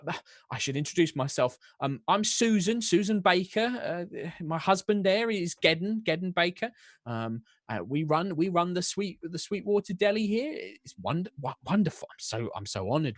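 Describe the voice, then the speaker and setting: A man voicing a flustered, gushing middle-aged baker woman with a Cockney English accent, high and shrill. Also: animated, normal speed, no echo, studio quality. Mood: fussing.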